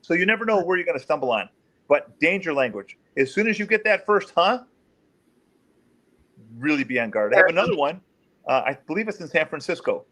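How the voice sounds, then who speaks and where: A middle-aged man, a former police officer, telling case stories in an interview and acting out the quoted voices. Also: a little fast. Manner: animated, acts out quotes in raised pitch. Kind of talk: storytelling in an interview.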